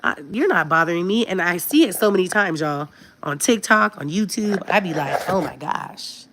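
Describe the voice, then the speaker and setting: A woman in her thirties talks straight to her live-stream viewers in a relaxed, conversational way. Her voice sits on the low side, and her tone is earnest and candid. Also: moderate pace, slight background noise. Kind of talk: casual live-stream chat.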